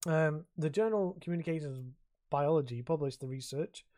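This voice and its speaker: Sweary rambling podcast host. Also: male voice, a little high, moderate pace, warm tone. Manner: sweary, rambling, laughs often. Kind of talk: casual chat.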